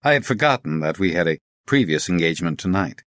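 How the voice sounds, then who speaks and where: A man voicing a polite, measured police colonel with formal, courteous speech. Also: deep voice, expressive, a bit bright, no room sound, clean studio sound.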